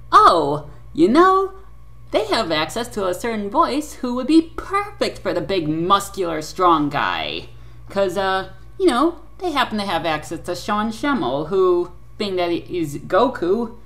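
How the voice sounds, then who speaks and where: A woman reviewing an anime dub in an opinionated, sarcastic rant with lots of fillers. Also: fairly low pitch. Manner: ranting, sarcastic, with frequent fillers.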